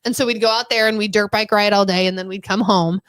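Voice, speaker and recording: A woman from Arizona co-hosting a podcast, telling stories in animated, chatty banter. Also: mid-range voice, quick pace. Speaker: podcast co-host. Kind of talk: casual chat.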